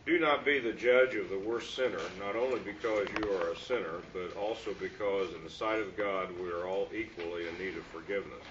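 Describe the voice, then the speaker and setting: A man reads a passage aloud to a class in a low, steady voice. The sound is dull and lo-fi, with clear room noise behind him. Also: brisk, few pauses. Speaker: class member reading a text aloud. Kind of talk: reading aloud.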